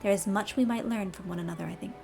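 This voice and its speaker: A woman's voice: mid-range voice, quick pace, creaky, a little mellow, soft background music, lightly acted. A woman voicing a dignified female ninja from afar, with stately, old-fashioned formal speech, reading game dialogue aloud. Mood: earnest formal.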